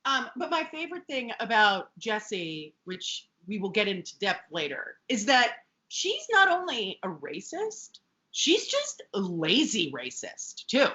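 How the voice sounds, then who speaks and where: A woman's voice: mid-range voice, huge pitch swings, measured pace, sharp tone, lo-fi sound. A woman co-hosting a podcast, chatting casually and sarcastically as she recaps a sitcom, swearing freely. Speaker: podcast co-host.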